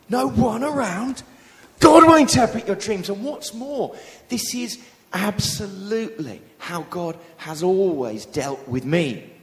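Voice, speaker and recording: A minister preaching a sermon into a handheld microphone, acting out quoted figures with vivid emphasis. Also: male voice, a little high, darkish tone. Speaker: Baptist minister. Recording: long hall reverb.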